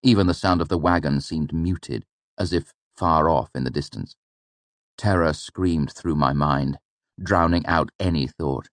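A man reading first-person narration for an audiobook in a measured, steady storytelling manner. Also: a bass voice, no room sound.

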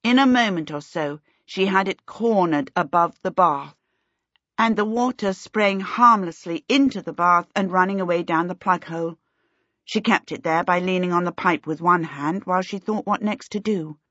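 A woman reading a children's storybook aloud in a measured, expressive way. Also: fairly low pitch, no room sound, muffled recording. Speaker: audiobook narrator. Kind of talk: scripted storybook narration.

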